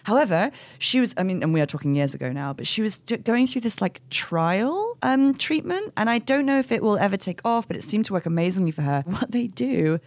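A woman's voice: mid-range voice, sing-song, fairly quick, hardly any pauses, darkish tone, dry recording. A woman co-hosting a podcast, chatting casually and animatedly, laughing often and jumping between tangents. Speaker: podcast co-host. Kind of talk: casual chat.

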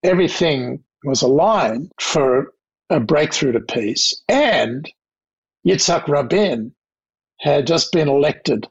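Older Australian man, gravelly and husky, reflective interview guest, slightly dull recording. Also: fairly high pitch, expressive. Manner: anecdotal, measured, with restarts. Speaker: guest, diplomat.

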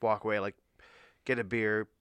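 A man's voice: lowish voice, little pitch movement, normal speed, fairly bright tone, clean tone, dry recording, clean studio sound. A man telling a rambling, hesitant story in casual chat.

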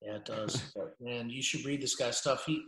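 A man's voice: medium pitch, steady tone, normal speed, fairly bright tone, roomy sound, low-quality recording. A middle-aged man, a journalist talking bluntly on a casual podcast interview, often restarting his sentences. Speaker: journalist guest.

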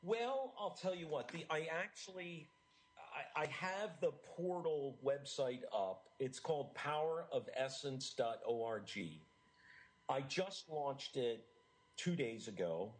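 A middle-aged man from the United States, an author being interviewed, talking in an earnest, animated way with frequent restarts. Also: a little high, slow pace, rough recording. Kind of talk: enthusiastic interview talk.

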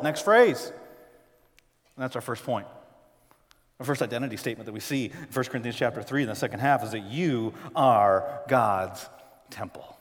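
A man from the northern United States preaching a sermon to a live congregation in a church, animated, with big swings in pitch and loudness and joking asides. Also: normal speed. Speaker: pastor. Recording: long hall reverb.

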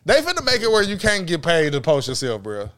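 A man co-hosting a podcast, telling quick, profane stories and acting out what others said. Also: fairly high pitch, wildly swooping pitch, fairly bright tone. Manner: fast, profane storytelling that acts out what others said. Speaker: podcast co-host. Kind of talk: casual chat.

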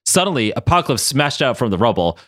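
A male podcast host narrates a silly adventure story with lively, animated intonation. His manner is playful. The recording is dry and close. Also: medium pitch, fast talker, dry recording. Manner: playful, animated, laughing often.

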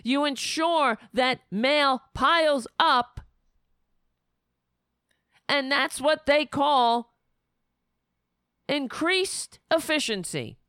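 A woman's voice: sits high, lively intonation, drawn-out words, long pauses, pushed and bright, no room sound. Indignant woman ranting, dry sound. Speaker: political commentary host. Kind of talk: opinionated monologue.

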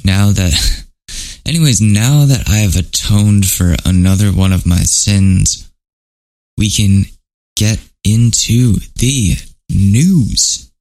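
A man's voice: fairly low pitch, takes it slowly, a little mellow, rough recording. A man hosting a podcast, talking through the news in a joking, offhand way. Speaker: podcast host. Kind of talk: comedic news commentary.

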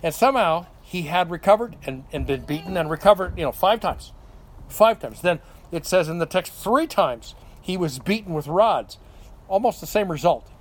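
A man's voice: high-pitched, expressive, moderate pace. An older man preaching a Bible teaching sermon in a conversational way, often asking "okay?" and correcting himself mid-phrase. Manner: conversational, frequent "okay?" check-ins and self-corrections. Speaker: pastor.

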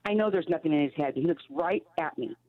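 A woman caller on a radio call-in show, talking in halting, restarting phrases. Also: sits low, no echo. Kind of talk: phone call-in. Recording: dull phone line.

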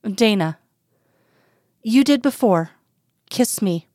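A woman voicing a hurt, vulnerable young woman who speaks softly and a little shakily, in a dry, close recording. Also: medium pitch, animated, slow, dry recording. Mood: quiet. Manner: soft, shaky.

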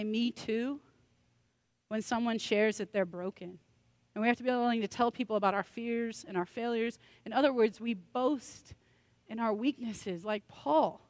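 A woman's voice: a little high, dry recording. A woman pastor preaching a sermon in a conversational, joking way, with self-deprecating asides.

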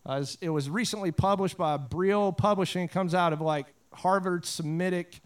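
A pastor with a drawl, preaching in a high, smooth and resonant voice. He drifts from scripture reading into fervent prayer and easygoing storytelling. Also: moderate pace. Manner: casual storytelling with prayerful swells. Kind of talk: sermon.

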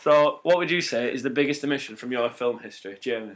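A man's voice: medium pitch, fast talker. A man hosting a comedy panel quiz, laughing often and praising answers. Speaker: quiz host.

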